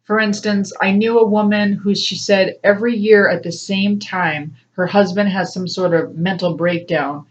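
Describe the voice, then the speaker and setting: A woman's voice: mid-range voice, fairly even intonation, moderate pace, hardly any pauses. A woman talks casually to her viewers as a spiritual coach, rambling through personal stories. She laughs often and slips into little voices when she quotes others. Her mid-range voice comes through a slightly muffled, lo-fi recording. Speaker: spiritual coach and tarot reader. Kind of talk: casual personal talk to camera.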